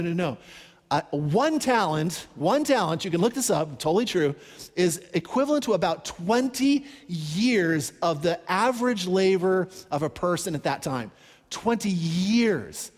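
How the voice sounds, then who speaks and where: A man preaching a sermon, telling a Bible story in an animated, conversational way and acting out the characters' pleas. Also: high-pitched, big-room sound. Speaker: pastor.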